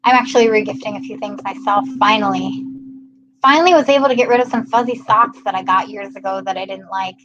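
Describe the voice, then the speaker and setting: A woman's voice: mid-range voice, fast, dull audio, noisy background. A young American woman from Maryland hosting a casual livestream, chatting and reading viewer comments with frequent laughs. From Maryland, USA. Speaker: livestream host.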